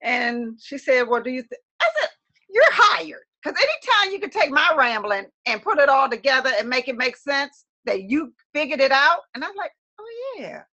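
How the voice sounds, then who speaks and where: A woman's voice: high voice, lively intonation, normal speed, bright, forceful tone, highs cut off. A woman co-hosting a webcast, chatting casually to viewers and acting out quotes with lots of laughter. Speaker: webcast co-host.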